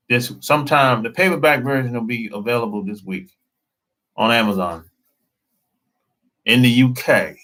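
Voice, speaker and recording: A man's voice: medium pitch, sharp tone, rough recording. A man hosting a casual live stream as a dating coach, talking bluntly in slang and repeating himself.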